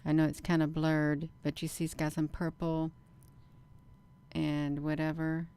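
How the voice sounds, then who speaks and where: A woman's voice: low-pitched, a little slow, clean tone. A woman hosting her channel, giving casual commentary over camera footage, talking straight to her viewers and pressing her points with emphatic bursts. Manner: animated, repeatedly addresses viewers as "you all". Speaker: channel host.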